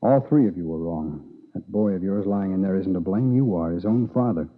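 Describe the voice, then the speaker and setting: A man's voice: low voice, lively intonation, brisk. A man playing a tired, blunt hospital doctor who lectures a careless father, in an old radio drama. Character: weary, blunt middle-aged male hospital doctor. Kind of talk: 1950s radio drama acting. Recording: tinny old radio broadcast in a reverberant room.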